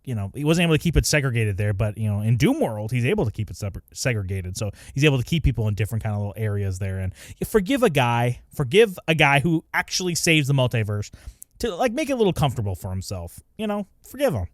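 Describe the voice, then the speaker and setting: A young man co-hosting a casual chat, relaxed and rambling with many fillers. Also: mid-range voice, fast, no echo, clean studio sound. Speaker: podcast co-host. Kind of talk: casual comic book discussion.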